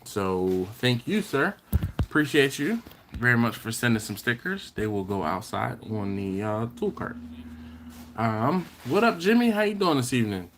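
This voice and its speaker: A man's voice: mid-range voice, sing-song, a little slow, a little hiss or hum. A man hosting a barbecue live stream from home, chatting casually, reading viewer comments and thanking people by name, often restarting his sentences. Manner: rambling, self-correcting, thanks viewers warmly by name. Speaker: barbecue channel host.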